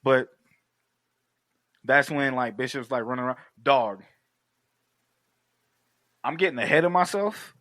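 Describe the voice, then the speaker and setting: Brief: bright, animated man, profane recap chat, dry close sound, voices for the scenes. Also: medium pitch, no room sound. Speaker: podcast co-host. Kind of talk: casual film recap chat.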